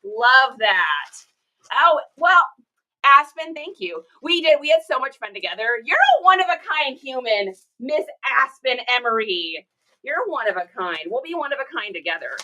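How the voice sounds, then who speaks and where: A woman's voice: high-pitched, big pitch swings, moderate pace, sharp tone, poor audio. A woman reseller chatting casually with livestream viewers while packing orders, upbeat and greeting people by name. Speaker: reseller livestreaming her shipping.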